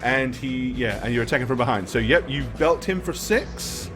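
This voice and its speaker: A man's voice: mid-range voice, lively intonation, moderate pace, over music. A man running a tabletop game as game master, narrating rolls and actions with laughs.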